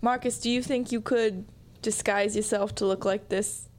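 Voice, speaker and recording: A woman's voice: mid-range voice, steady tone, normal speed, a little hiss or hum. A woman playing a tabletop game, blunt and sarcastic in her remarks. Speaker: player. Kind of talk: casual tabletop role-play.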